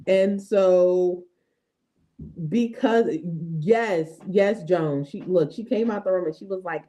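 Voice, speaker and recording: A woman in her thirties leads a casual devotional talk and speaks straight to her viewers. Her voice is mellow and warm, and she keeps it lively and chatty, often stopping to ask "right?" or "okay?". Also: mid-range voice, a little slow. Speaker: host of a faith affirmation show.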